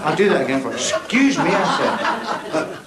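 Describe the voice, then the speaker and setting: A man's voice: on the high side, sing-song, a little fast, over a noisy crowd. An actor playing a cocky, crude male stand-up comic with a Belfast accent, delivering bawdy patter to a club audience in a television drama. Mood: cheeky. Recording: echoey room with loud background noise.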